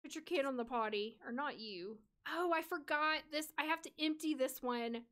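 A woman's voice: high-pitched, normal speed, fairly bright tone. A woman from the United States streaming a life-sim game, chatting casually with viewers and talking to the characters.

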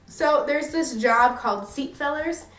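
A woman's voice: high voice, measured pace, fairly bright tone, recorded from a distance. A young American woman vlogging in a casual, rambling and self-mocking way. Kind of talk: casual chatty review. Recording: echoey room, a bit off-mic.

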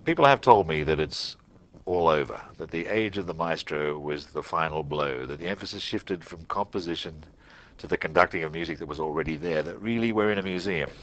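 A man hosting an interview, measured in his questions and telling anecdotes at an easy pace. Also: very deep voice, fairly bright tone. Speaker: interview host. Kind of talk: conversational interview. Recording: dull lo-fi dry recording.

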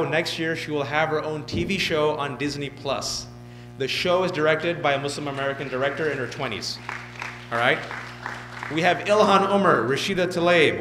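Animated man giving a joking speech. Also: a little high, poor audio. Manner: animated, joking storyteller who mimics others. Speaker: keynote speaker. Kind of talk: motivational speech. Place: event hall.

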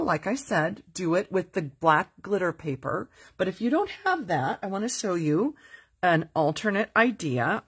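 A woman with a lowish, airy voice runs a live crafting lesson. She is chatty and upbeat, explaining each step and stopping to read out viewers' comments. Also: slightly rough. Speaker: crafting host. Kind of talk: live stamping tutorial.

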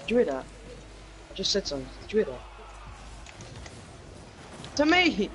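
A young man streaming an online game, excitably shouting call-outs and bragging to his teammate. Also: a little high, racing. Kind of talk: casual gaming chat with a teammate.

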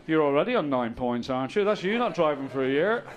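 A middle-aged man doing a stand-up set on stage, telling stories deadpan with bursts of loud exasperation. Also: on the high side, fast talker. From Ireland. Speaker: stand-up comedian. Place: comedy stage with audience.

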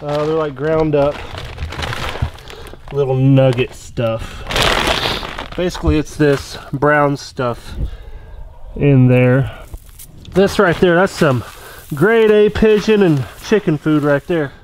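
A middle-aged man with a fairly high voice speaks in a loose, folksy, rambling way. He films a casual outdoor vlog on a rural property, and faint ambient noise sits behind him. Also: slow, long pauses, a little mellow. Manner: folksy and rambling, talks to his pet duck. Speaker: duck-hunting guide and vlogger.

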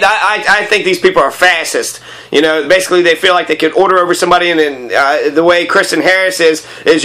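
Man reading a kids' book with chatty asides, somewhat high voice, loose and meandering. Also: bright, forceful tone, low-quality recording. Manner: rambling, opinionated asides with many fillers. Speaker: reader and commentator. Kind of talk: reading aloud with commentary.

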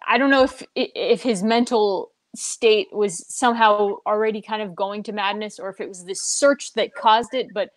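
A woman's voice: mid-range voice, normal speed, few pauses, dry recording. A woman hosting a casual book discussion, chatty and laughing often between her points.

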